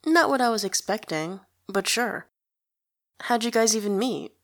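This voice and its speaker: A woman's voice: a little high, expressive, unhurried, a bit bright, no room sound, studio quality. A woman voicing a blunt, nosy twelve-year-old boy who fires off brash, teasing questions in a storybook reading. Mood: cheeky.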